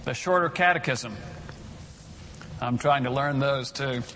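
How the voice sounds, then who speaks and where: A man's voice: medium pitch, unhurried, sharp tone, long reverb tail, slight background noise. A man giving a sermon as pastor in a conversational way, leading the congregation in reciting scripture aloud.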